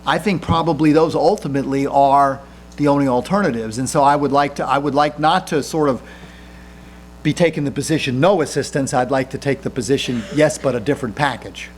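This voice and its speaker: Earnest halting man fielding questions. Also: mid-range voice, slight background noise. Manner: earnest, halting, frequent restarts. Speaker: guest speaker, senator. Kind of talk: answering audience questions.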